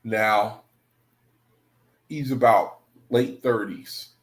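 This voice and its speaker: A man's voice: lowish voice, steady tone, extremely slow. A man hosting an online study group, talking casually and rambling, repeating himself and calling his viewers brethren. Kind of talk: casual livestream talk to viewers.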